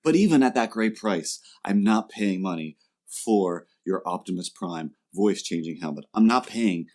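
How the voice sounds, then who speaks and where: A man hosting a podcast, telling a comic story in a casual, animated way and acting out the people he quotes. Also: deep voice, normal speed. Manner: animated, acts out quoted customers in jumpy voices. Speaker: podcast host. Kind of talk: comedic storytelling chat.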